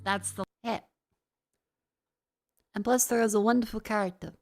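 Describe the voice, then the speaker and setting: A woman streamer, stuffy from a sinus infection, chatting casually on a desk mic in a profane, rambling, excitable way. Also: mid-range voice, moderate pace, soft background music. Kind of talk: casual gaming stream chat. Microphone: desk microphone.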